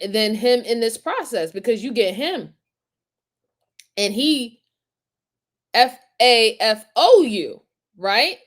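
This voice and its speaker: A woman hosting a crime-commentary live stream, her voice sitting a little high. She talks slowly and reacts with animated indignation while answering her chat viewers. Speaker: host reacting to crime videos.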